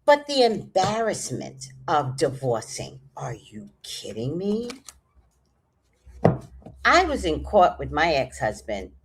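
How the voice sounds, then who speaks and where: A woman telling a personal story in a casual, animated way, acting out what people said. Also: sits low, slow pace, a little hiss or hum. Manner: animated, acts out quoted voices.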